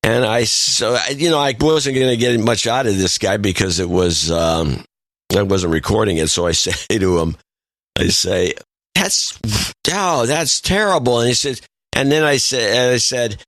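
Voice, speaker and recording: A man's voice: lowish voice, normal speed, fairly bright tone, dry recording, studio quality. A man co-hosting a podcast, telling stories in a casual, wry way. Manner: storytelling, wry. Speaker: podcast co-host. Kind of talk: casual chat.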